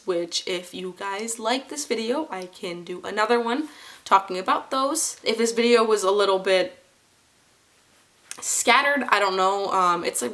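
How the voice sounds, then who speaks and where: A woman's voice: medium pitch, fairly bright tone. A young woman in her twenties, casually telling a personal story to camera, rambling with many fillers and restarts.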